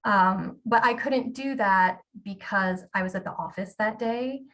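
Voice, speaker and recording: A woman's voice: medium pitch, measured pace, a bit bright, distant mic. Candid woman telling a story on stage. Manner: candid, self-deprecating, with filler ums. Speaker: keynote speaker. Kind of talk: storytelling talk.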